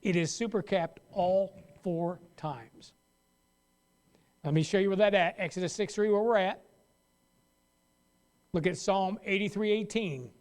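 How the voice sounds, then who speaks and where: A male pastor leads a Sunday school Bible lesson in a relaxed, conversational manner, frequently breaking off mid-sentence to start over. His voice sits high and a little mellow, moving at a measured pace with long pauses.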